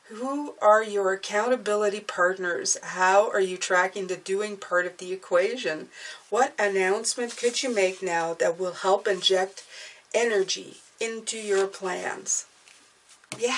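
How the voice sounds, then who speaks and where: A woman giving a casual tarot reading, who bursts into delight over the cards and then drops to a soft murmur as she reads card texts aloud. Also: medium pitch, a little slow, recorded from a distance. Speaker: tarot reader.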